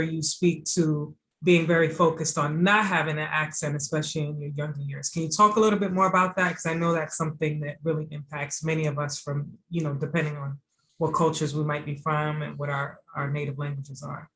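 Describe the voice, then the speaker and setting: A woman's voice: deep voice, fairly even intonation, fairly quick, a bit bright. A woman hosting an interview, asking thoughtful, encouraging questions. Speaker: host.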